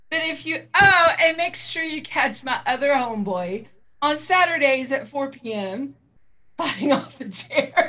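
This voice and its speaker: Chatty middle-aged lady on a livestream, kinda high voice, laughs a lot, goes off track. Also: sharp tone. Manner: rambling, laughs often, easily sidetracked. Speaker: co-host of a vaping livestream. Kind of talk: casual livestream chat.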